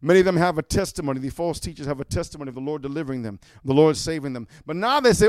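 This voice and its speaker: A man delivers a fiery sermon in a high, smooth, resonant voice. He keeps checking in with "amen?" and works himself up to shouting. The sound is dry and close. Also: lively intonation, quick pace, hardly any pauses, dry recording. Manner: punctuates with "amen?", builds to shouting. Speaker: preacher.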